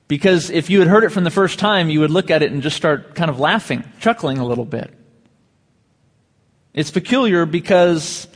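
A pastor delivering a sermon, drawing out key phrases slowly and asking the congregation rhetorical questions. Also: male voice, a little high, big-room sound. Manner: measured preaching with slow emphatic phrases and rhetorical questions.

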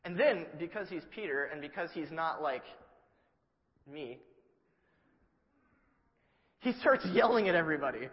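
Animated preacher man in an echoing hall. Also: a little high, unhurried, pauses often, muffled recording. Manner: animated, humorous storytelling with acted-out asides. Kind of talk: sermon.

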